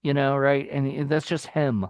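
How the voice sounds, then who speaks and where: A man's voice: medium pitch, steady tone, moderate pace, clear, resonant tone, no room sound, studio quality. A man co-hosting a film review podcast in casual chat. He rambles loosely, with many fillers and restarts.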